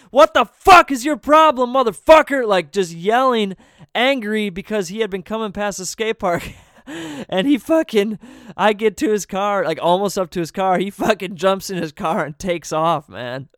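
Male storyteller, slightly high and smooth voice, relaxed and profane, chuckles as he goes. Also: normal speed, dry recording, clean studio sound. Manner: profane and laid-back, peppered with "man"; laughs between sentences. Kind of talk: casual storytelling.

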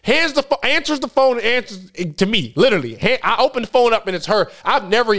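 A young man on a podcast, telling a wild story in casual slang and acting out his friends' lines with animated energy. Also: extremely high pitch, fast. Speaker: podcast co-host.

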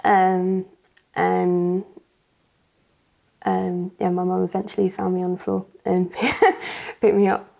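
Woman, church testimony guest, hesitant and filler-heavy, low gravelly tone. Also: level tone, slow pace. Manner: hesitant, soft-spoken, many fillers. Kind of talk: personal testimony interview.

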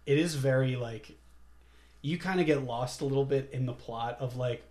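A man's voice: medium pitch, normal speed, darkish tone. Laid-back man chatting about movies. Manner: laid-back, laughs often, acts out scenes in quotes. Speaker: podcast co-host. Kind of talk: casual movie chat.

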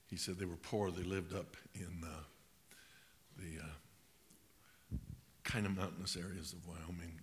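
A man's voice: low voice, a bit bright. A man preaching a sermon, telling a story with dramatic repetition, swelling and dropping to whispers. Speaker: bishop preaching. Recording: echoey hall, faint hiss.

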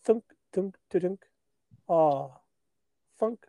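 A young man from Canada, co-hosting a podcast, telling stories in animated casual chat and belting out chants. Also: high-pitched, very slow, no room sound. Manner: animated storyteller, breaks into laughter, belts out chants. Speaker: podcast co-host.

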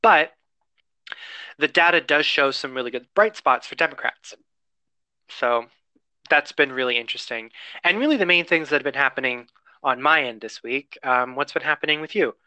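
A man's voice: medium pitch, normal speed, sharp tone, dry recording. A man co-hosting a casual chat, explaining the news with fillers and wry asides.

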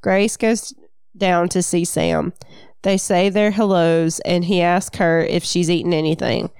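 A woman's voice: fairly low pitch, flat delivery, measured pace, a little mellow, clear, resonant tone, dry recording, clean studio sound. A woman co-hosting a podcast, casually summarizing a book chapter. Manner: chatty, summarizing. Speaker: podcast co-host.

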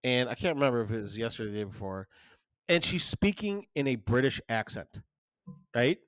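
Brief: thirties man, mid-pitched, rambling storyteller co-host, dry close mic. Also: brisk, no echo. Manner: rambling, many restarts, animated storytelling. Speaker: podcast co-host. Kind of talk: casual chat.

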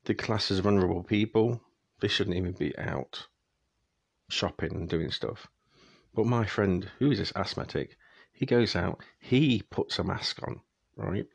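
A man's voice: deep voice, a little slow, creaky, husky, no echo. A young man ranting in a casual, exasperated monologue to his viewers, speeding up when annoyed. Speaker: vlogger.

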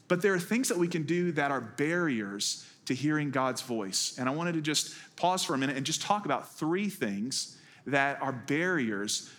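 A man's voice: a little high, a bit bright. Pastor, male, easygoing sermon delivery, storytelling with light jokes. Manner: conversational storytelling with wry humor. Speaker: executive pastor. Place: church.

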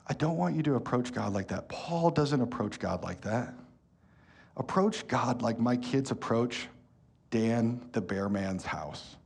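Husky-voiced pastor preaching. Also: male voice, medium pitch. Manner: animated storytelling, drops soft and slow when earnest. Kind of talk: sermon. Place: church hall.

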